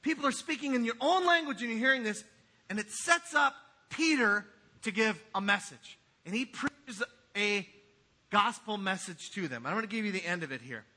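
A man preaching a sermon in a church, swinging from quiet asides to loud, emphatic passages. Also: sits high, expressive, normal speed. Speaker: pastor. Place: church sanctuary.

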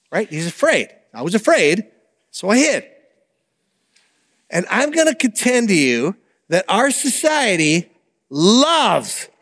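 A man preaching a sermon in an animated, conversational way, with asides to the congregation. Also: high-pitched, big-room sound. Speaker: pastor.

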